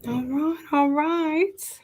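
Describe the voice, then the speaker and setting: High-voiced woman hosting a chatty livestream. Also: fairly even intonation, very slow. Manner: chatty, greets each viewer warmly by name. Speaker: livestream host and design coach. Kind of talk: live-stream chat greeting viewers. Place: home setup with makeshift camera stand. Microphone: camera on a stand.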